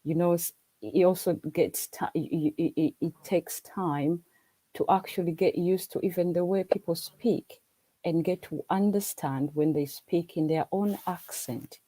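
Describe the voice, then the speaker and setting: A woman's voice: fairly low pitch, unhurried, dark tone, dry recording, rough recording. A Ugandan woman for whom English is a second language, chatting earnestly on a video call and often repeating herself as she restarts. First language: not English. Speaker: livestream guest. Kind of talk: casual chat.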